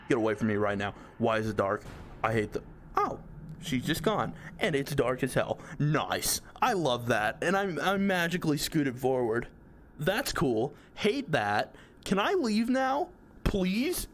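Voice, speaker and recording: A man's voice: medium pitch, sing-song, measured pace, a little hiss or hum. A young man giving nervous, jumpy commentary while playing a horror game, swearing and pleading with what he sees. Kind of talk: nervous let's-play commentary.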